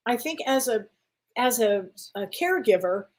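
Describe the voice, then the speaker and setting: A woman co-hosting a chat show, telling a personal story in an animated way and acting out the dialogue. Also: on the high side, moderate pace. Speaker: co-host.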